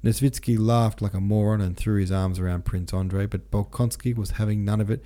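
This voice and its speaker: Brief: man, podcast narrator, slangy and loose, deep dark voice. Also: steady tone, fairly quick. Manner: irreverent, slangy retelling. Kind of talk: casual audiobook narration.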